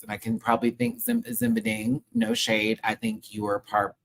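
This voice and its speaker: A man's voice: sits high, big pitch swings, normal speed, gravelly. A man hosting a live review show, ranting in a sassy, heated and profane way full of slang. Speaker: show host reviewing a TV episode.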